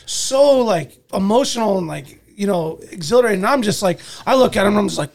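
Man with a high, gravelly voice; animated storyteller in casual chat. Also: brisk. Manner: animated, swings loud and soft while acting out moments.

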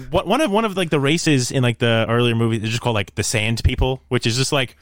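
A man's voice: medium pitch, fairly quick, no room sound, studio quality. A young man in casual podcast chat, rambling and laughing often, with jokey put-on voices.

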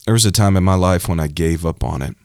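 A young preacher man with a very low voice gives a heartfelt testimony, pressing his points home by repeating phrases. He is recorded close and dry, with no room around him. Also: quick pace, darkish tone, smooth, no room sound. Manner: emotional, emphatic, repeats phrases for effect. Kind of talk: personal testimony in a preaching style.

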